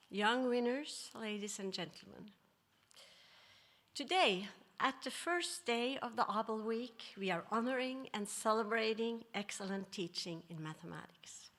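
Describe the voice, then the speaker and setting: A woman professor giving a formal, prepared ceremony speech in a measured way, phrases trailing off softly. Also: fairly high pitch. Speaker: professor and committee leader.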